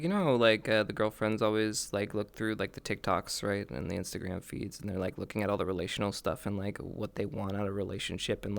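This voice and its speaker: A man's voice: on the low side, creaky. A man live streaming, telling stories in casual chat, laughing and swearing often.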